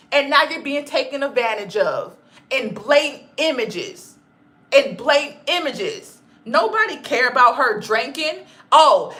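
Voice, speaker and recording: A woman's voice: high voice, bright, forceful tone. A woman hosting a commentary vlog, talking emphatically and with profanity, repeating her points for effect and calling her listeners "baby". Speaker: channel host.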